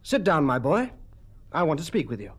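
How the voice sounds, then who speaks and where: A man's voice: on the high side, big pitch swings, moderate pace, slightly rough. A man doing a stern old army colonel. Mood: earnest. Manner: mild, then commanding. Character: stern retired army colonel uncle, quick-tempered.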